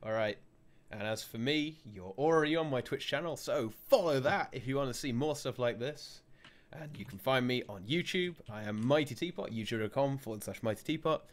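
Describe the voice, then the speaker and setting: Male stream host, mid-pitched, chatty, easygoing, often laughing. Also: lively intonation, brisk. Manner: laughs often, rambling restarts. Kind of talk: casual chat.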